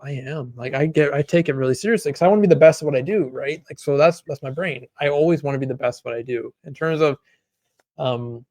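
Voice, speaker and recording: A man's voice: fairly high pitch, fast, darkish tone, no room sound. A young man co-hosting a podcast, talking in a rambling, reflective way full of fillers. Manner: rambling, reflective, heavy on 'like'. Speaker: podcast co-host. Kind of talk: casual chat.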